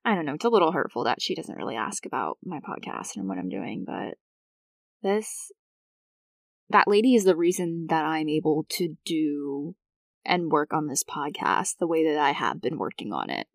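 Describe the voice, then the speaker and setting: A woman's voice: low voice, big pitch swings, moderate pace, no echo. Chatty young woman hosting a podcast. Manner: chatty, laughs often, many fillers. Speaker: podcast host. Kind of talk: casual personal monologue.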